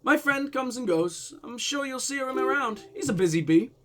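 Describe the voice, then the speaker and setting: Guy doing a suave evasive diplomat, fake russian-german accent, bouncy highish voice. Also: animated, moderate pace. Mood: smooth, evasive. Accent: mock Russian-German blend. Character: smooth evasive male foreign diplomat, middle-aged.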